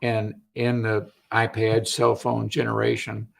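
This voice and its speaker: A man's voice: fairly low pitch, completely flat delivery, a little slow, vocal fry, a little hiss or hum. A man in his eighties, a Navy veteran guest, chatting reflectively. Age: 80s. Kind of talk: casual conversation.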